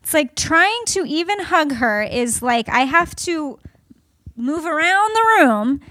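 Lively high-voiced woman telling stories. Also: takes it slowly, dry recording, clean studio sound. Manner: animated storytelling with laughter. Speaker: speaker addressing an audience. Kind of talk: conversational talk to an audience.

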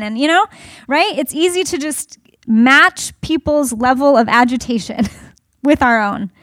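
Lively high-voiced woman telling stories. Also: normal speed, dry recording, clean studio sound. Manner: animated storytelling with laughter. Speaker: speaker addressing an audience. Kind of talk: conversational talk to an audience.

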